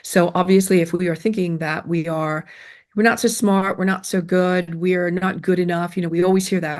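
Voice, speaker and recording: A woman's voice: on the low side, fairly even intonation, normal speed. A middle-aged woman giving earnest self-esteem advice in an interview, emphatic and repetitive, with fillers and restarts. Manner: emphatic, repeats phrases, many fillers and restarts.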